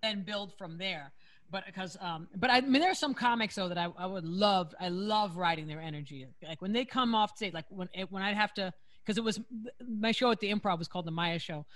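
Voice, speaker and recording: A woman's voice: mid-range voice, a little fast, fairly bright tone, no room sound. A woman hosting a comedy talk show, rambling through her thoughts in casual chat. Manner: rambling, restarts thoughts often. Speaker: host.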